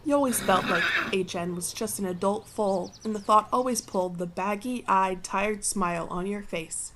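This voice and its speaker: A woman's voice: medium pitch, normal speed, noisy background. A woman reading a fan story aloud in a playful way, breaking off for joking asides and laughing at her own reading. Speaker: channel host reading fanfiction.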